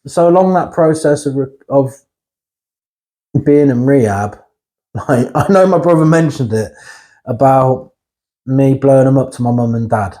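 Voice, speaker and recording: Pausing often and speaking a little slowly, this man has a warm, mid-range voice. As an interview guest, he tells his life story in a blunt, frank way, swearing at times and frequently checking in with "right?".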